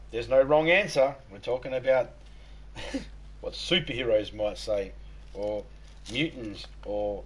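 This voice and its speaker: A man's voice: medium pitch, husky, rough recording. A young man hosting a live game stream, chatting casually with crude, playful jokes. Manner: crude joking, playful, breaks into voices and laughter.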